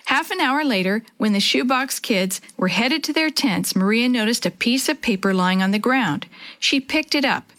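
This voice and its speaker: A woman narrating a children's story aloud in a clear, expressive storytelling manner. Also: on the high side, normal speed.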